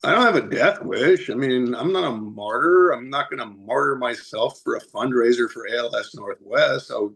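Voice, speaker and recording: A man guest on a podcast, telling a road story in a chatty, animated way and laughing often. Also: medium pitch, normal speed, vocal fry, few pauses. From United States. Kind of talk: casual storytelling.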